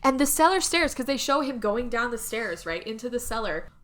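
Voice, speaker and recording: A woman's voice: fairly high pitch, expressive, fairly quick, a bit bright. A woman co-hosting a podcast, casually retelling a film's plot and acting out the characters' lines, with some swearing. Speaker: podcast co-host. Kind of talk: casual movie recap chat.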